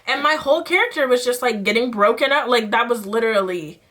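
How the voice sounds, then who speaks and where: A young adult woman talking candidly in a casual storytime vlog, animated and full of fillers while she does her makeup. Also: on the high side, fast. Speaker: vlogger.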